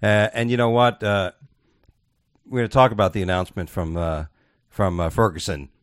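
A man's voice: lowish voice, normal speed, no echo, clean studio sound. A man hosting a casual talk show, telling crude stories and acting out the voices of the people in them. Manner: profane, animated storyteller acting out voices. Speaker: podcast host.

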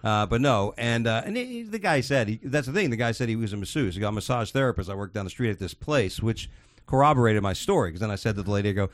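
A man's voice: fairly low pitch, animated, fast talker, few pauses. A man casually telling a rambling, profane story, full of restarts.

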